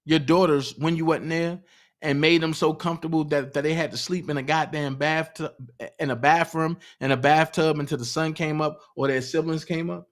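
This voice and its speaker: A man's voice: on the high side, steady tone, moderate pace. Indignant man talking to his chat. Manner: indignant, asks the chat pointed questions. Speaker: livestream host. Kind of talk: heated livestream commentary.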